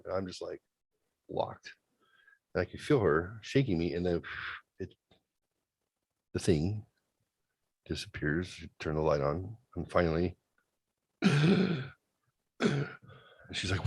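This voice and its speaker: A man with a lowish voice telling a story casually and swearing freely. His delivery is animated, jumping from loud to hushed. The sound is dry and close, with no room echo. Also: a little slow, long pauses. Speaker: podcast host.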